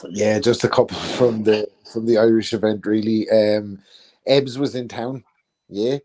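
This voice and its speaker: A man's voice: fairly low pitch, fairly even intonation, a little slow, mellow. Man chuckling through a story. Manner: laughing storyteller, swears often. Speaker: podcast co-host. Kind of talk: casual chat.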